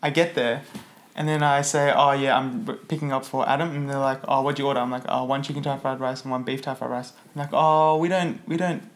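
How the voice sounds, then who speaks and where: A man's voice: mid-range voice, steady tone, brisk. A man telling a story on a podcast, laughing often and mimicking the people in it. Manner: laughs often while telling a story, acts out quoted voices. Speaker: podcast co-host. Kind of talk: casual chat.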